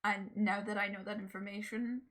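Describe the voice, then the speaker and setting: A woman's voice: medium pitch, flat delivery, fairly quick, a bit bright. A woman streamer chatting casually during a game, chatty and laughing, swearing freely. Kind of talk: casual gaming livestream chat.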